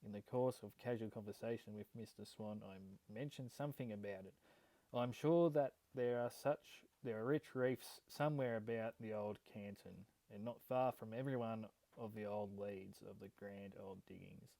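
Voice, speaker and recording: Gravelly Australian prospecting vlogger. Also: male voice, fairly low pitch, normal speed, mellow, dry recording, rough recording. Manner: casual, hesitant, many ums and restarts. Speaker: gold prospecting YouTuber. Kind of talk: casual vlog reading an old letter.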